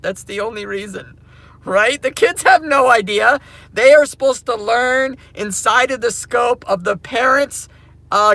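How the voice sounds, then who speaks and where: Excitable, slangy guy vlogging to camera; high, gravelly voice, laughs a lot. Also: no room sound. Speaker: crypto mining vlogger. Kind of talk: casual rant to camera.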